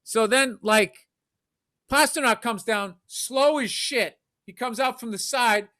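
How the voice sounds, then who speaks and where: On a casual comedy podcast, this male co-host speaks slowly in a very high, bright, forceful voice. He animatedly tells profanity-filled stories and imitates other people's voices.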